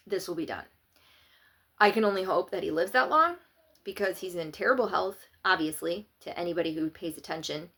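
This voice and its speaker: A woman's voice: on the low side, vocal fry, a bit bright. A woman giving opinionated, sarcastic political commentary in a casual vlog. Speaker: political vlogger.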